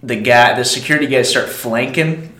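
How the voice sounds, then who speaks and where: A man's voice: medium pitch, normal speed, pushed and bright. Laid-back man trading film talk. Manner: laid-back, casual slang like dude and man. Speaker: podcast co-host. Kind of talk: casual movie discussion. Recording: roomy echo.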